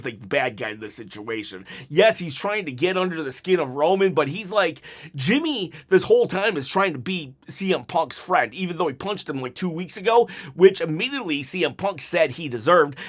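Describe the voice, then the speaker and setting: A man with a fairly high voice talks through what happened on the show in a loose, rambling way. He restarts often and jumps up in pitch whenever he acts out what someone said. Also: fairly bright tone. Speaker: wrestling commentary channel host. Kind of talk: casual recap and opinion.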